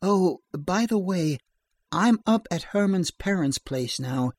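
A man's voice: high voice, lively intonation, slow, a little mellow, no echo, voice pushed up, full character voice. A man voicing a trembling, nervous young woman. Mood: apologetic. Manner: small, trembling voice.

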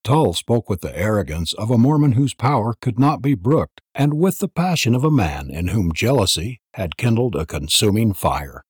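Husky guy reading a western audiobook, super lively pitch, dry close sound. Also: moderate pace, dry recording. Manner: dramatic, expressive storytelling. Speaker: narrator.

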